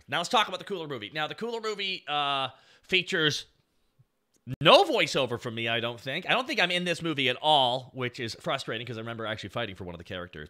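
A man's voice: fairly high pitch, pushed and bright. A man in his thirties doing casual stream commentary on his old series, rambling and swearing freely.

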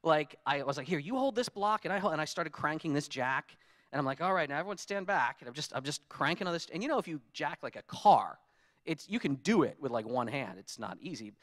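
A man giving a conference talk, telling lively stories and acting out his own frustrated quotes. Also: a little high, fairly quick. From United States. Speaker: conference speaker. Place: conference hall.

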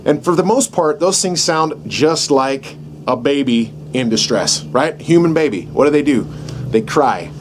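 A man's voice: fairly high pitch, lively intonation, normal speed. A middle-aged man teaching outdoors how to use a game call, in a casual, folksy way that keeps checking in with "right?". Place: outdoors in the country, dogs barking nearby. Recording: faint outdoor background noise.

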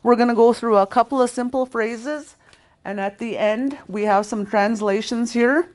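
In a recorded language lesson, a middle-aged woman whose voice is a little high yet darkish in tone slowly repeats words. She explains patiently, one step at a time.

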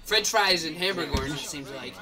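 A man hosting a baseball video game playthrough in casual let's-play chatter, rambling excitably to his viewers from his room on a cheap headset. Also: a little high, moderate pace, distant mic, over music. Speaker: gaming video host. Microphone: cheap gaming headset.

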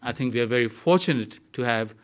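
A man's voice: mid-range voice, quick pace, clear, resonant tone. Man chairing a panel, introducing a speaker. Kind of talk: formal introduction. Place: conference hall.

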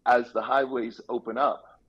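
A man speaking as a real estate guest on a radio interview, explaining things in an easygoing way with quick asides. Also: mid-range voice, flat delivery, breathy edge. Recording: dull lo-fi line.

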